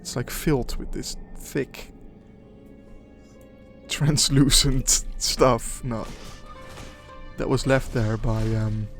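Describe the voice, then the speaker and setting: A young man talks his way through a game in a slow, unhurried ramble, full of fillers and crude jokes. His voice sits at an ordinary middle pitch, with faint music playing underneath. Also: steady tone. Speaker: gaming commentator. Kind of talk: casual gameplay commentary. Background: background music.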